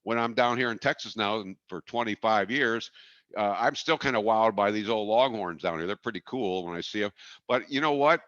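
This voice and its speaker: A man's voice: lowish voice, normal speed, a bit bright, no room sound, muffled recording. A middle-aged man from Wisconsin giving a folksy, jokey, emphatic marketing webinar talk.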